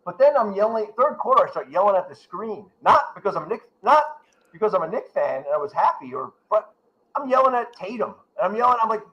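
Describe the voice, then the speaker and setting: Animated New man ranting. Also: sits high, brisk, dull audio. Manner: animated, rants and acts out yelling at the screen. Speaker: guest. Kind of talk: casual sports chat.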